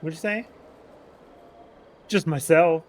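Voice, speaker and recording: Animated ranting male streamer. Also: a little high, slow pace. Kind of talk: casual gameplay chat.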